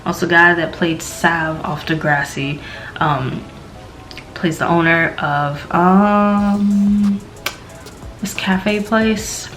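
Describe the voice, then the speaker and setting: Slow, low-voiced Southern woman reviewing a show. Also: steady tone, fairly bright tone, faint music behind, low-quality recording. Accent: Southern American, light. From American South. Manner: rambling, filler-heavy, slow and low-key. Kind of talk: casual review chat.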